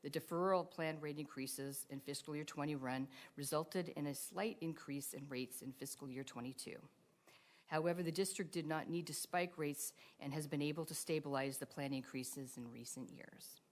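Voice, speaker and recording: Low-voiced woman reading a staff report. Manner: measured, formal. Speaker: staff presenter.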